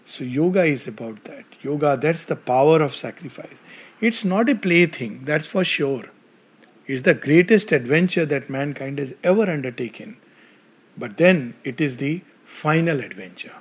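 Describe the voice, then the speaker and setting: An Indian English man gives an animated devotional talk to a gathered audience. He tells stories in a fairly high voice and keeps turning to the listeners with questions. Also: normal speed, breathy edge. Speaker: spiritual speaker.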